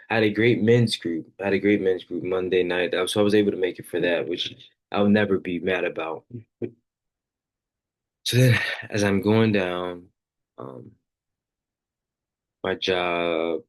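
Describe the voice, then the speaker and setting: A man with a deep, low voice hosts a faith podcast and tells a personal story. He rambles casually, leaning hard on fillers. He stays earnest and open the whole way through. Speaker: podcast host.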